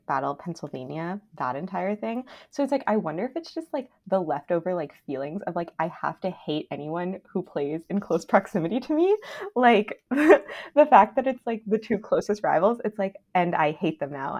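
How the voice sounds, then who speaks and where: Chatty young woman podcaster, animated. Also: fairly low pitch. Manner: animated, filler-heavy, gushing fan talk. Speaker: podcast co-host. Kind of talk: casual chat.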